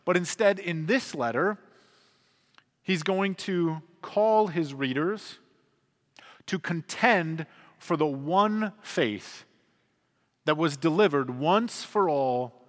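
Pastor, male, 30s, somewhat high voice, earnest conversational sermon delivery, long church reverb. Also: expressive, slow pace, pauses often, fairly bright tone. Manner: earnest, conversational preaching with emphatic swells.

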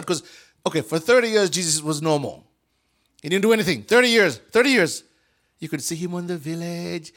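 A guest preacher from Africa tells a Bible story in an animated sermon, acting out the characters' voices and swinging from whispers to shouts. His voice is on the high side and moves at a normal speed.

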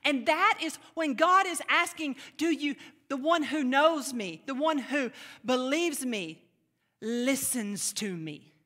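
A woman delivers a sermon with emphatic, animated energy and a high, bright voice. She acts out playful mock voices to drive her points home. Her words ring with the long reverb of a large hall. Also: slow. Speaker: preacher.

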